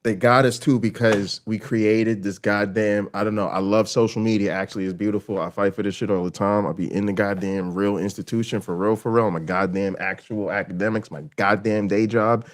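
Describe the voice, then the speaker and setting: A man's voice: fairly low pitch, fairly even intonation, brisk, few pauses. A man hosting a live stream who rambles heatedly and swears constantly, repeating himself for emphasis. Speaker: stream host and academic. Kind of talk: profane live commentary.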